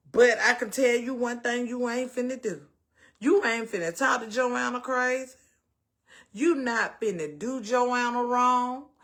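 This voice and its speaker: Her voice is a little high and a bit bright. As host of a casual storytelling chat, this middle-aged woman with a Southern US accent talks bluntly and profanely, imitating the people she quotes.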